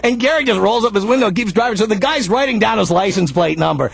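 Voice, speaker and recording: A man hosting a talk radio show, telling an angry story and ranting, often raising his voice to a shout. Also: high-pitched, fast, creaky, hardly any pauses, faint music behind. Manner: animated, frequently shouting in anger. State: out of breath. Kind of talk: ranting monologue.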